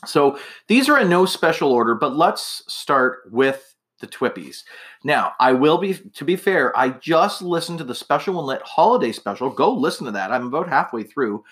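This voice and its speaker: A man's voice: a little high, sing-song, normal speed, a bit bright. A man hosting a casual solo podcast, chatting in a rambling way with many fillers and restarts, a little tipsy and slightly slurring. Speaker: podcast host.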